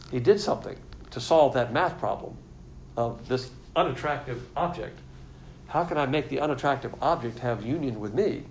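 A man's voice: medium pitch, slight background noise, rough recording. A man teaching a sermon-style Bible lesson, explaining word meanings and repeating his key points.

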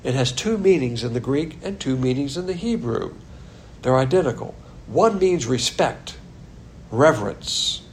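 A man's voice: mid-range voice, expressive, unhurried, slight background noise. A man teaching a Bible class in a blunt, sarcastic manner, with chuckling asides. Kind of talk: sermon.

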